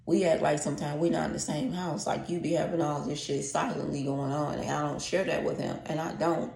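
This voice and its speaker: A woman in her late forties speaks straight to her viewers in a low, gravelly voice. She is blunt and heartfelt, cursing freely and circling back over the same points. The room around her is echoey. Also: warm tone. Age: late 40s. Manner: blunt, profane and heartfelt, repeats herself. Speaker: vlogger. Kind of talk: candid storytime monologue.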